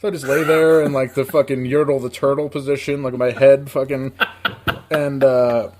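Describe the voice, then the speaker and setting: A man's voice: medium pitch, level tone, normal speed, darkish tone. Profane rambling man telling a story. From upstate New York. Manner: profane, rambling, laughs often. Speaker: podcast co-host. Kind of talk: casual storytelling.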